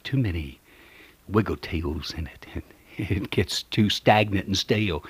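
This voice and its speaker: A man preaching a radio sermon, swinging between fervent swells and hushed whispers as he quotes scripture. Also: deep voice, measured pace, slightly rough, dry recording.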